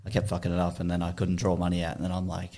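A deep, gravelly Australian man spins a long, rambling story on a casual podcast. He laughs often at his own tale and swears freely, with a low voice that drifts into fry at the ends of phrases. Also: monotone, rapid-fire, dark tone. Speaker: podcast co-host.

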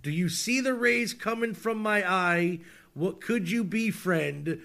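A man's voice: high-pitched, slow, creaky, sharp tone. A man co-hosting a podcast, reading song lyrics aloud in a jokey, mock-dramatic way. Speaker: podcast co-host.

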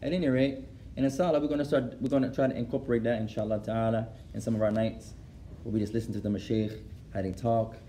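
A man's voice: mid-range voice, steady tone, fast, mellow, a little hiss or hum. A man teaching an Islamic lesson to a class. He switches between English and Arabic, translating as he goes, repeats phrases for emphasis and laughs at his own stories.

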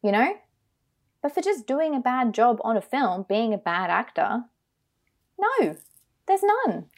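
A woman's voice: fairly high pitch, sing-song, unhurried. An Australian woman co-hosting a podcast, giving blunt, emphatic opinions in a casual film chat. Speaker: podcast co-host.

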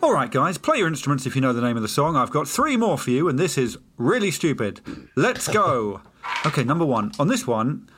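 A man in a band running a silly music quiz from home, animated and laughing. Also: mid-range voice, a little fast. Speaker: band member, game host. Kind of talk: comic chat and game hosting. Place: home, remote call.

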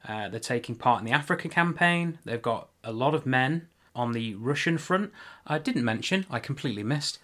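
A man's voice: medium pitch, lively intonation, moderate pace, pushed and bright. A man hosting a casual history podcast, talking loosely with joking asides and frequent self-corrections. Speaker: podcast host.

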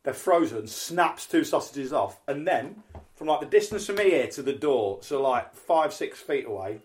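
A man's voice: mid-range voice, animated, moderate pace, a little mellow. Man telling wrestling anecdotes. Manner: chatty anecdotes, acts out quoted voices, frequent "um". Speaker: podcast host, wrestling promoter and announcer. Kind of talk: casual podcast storytelling.

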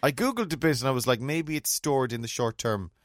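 A man's voice: mid-range voice, a little fast, no room sound, clean studio sound. A middle-aged man co-hosting a casual chat, telling funny stories with laughs. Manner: storytelling, lively, full of laughs. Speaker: co-host.

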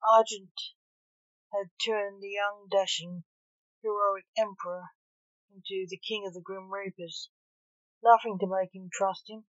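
Woman reading a story aloud, slow and steady, dry dull lo-fi sound. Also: medium pitch, no room sound. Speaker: story reader. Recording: dull lo-fi recording.

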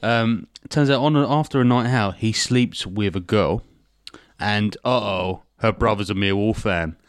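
Male podcast co-host, laid-back rambling storyteller, swears, low voice. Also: unhurried, no room sound. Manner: rambling, jokey plot recap with swearing. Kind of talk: casual comedic chat.

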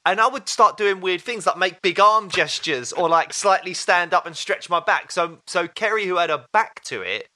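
A man in his thirties with a bright, ringing voice and a slightly high pitch. He chats casually as a podcast co-host and laughs through his anecdotes. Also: normal speed, hardly any pauses. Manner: animated storyteller, laughs often. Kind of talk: casual chat.

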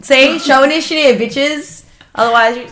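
A young woman co-hosting a podcast, joking bluntly and talking in a lively way. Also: high-pitched, moderate pace. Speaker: podcast co-host. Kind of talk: casual chat.

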